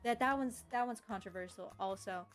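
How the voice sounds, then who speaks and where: A woman's voice: fairly high pitch, a little fast. A woman streamer talking playfully to her chat during a live game stream. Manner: playful, goofy, talks to chat. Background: background music.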